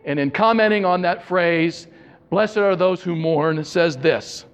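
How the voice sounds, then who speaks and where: High-voiced pastor in a reverberant hall. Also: male voice, clear, resonant tone. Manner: joking storytelling, then slow and earnest. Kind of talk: sermon. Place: church sanctuary.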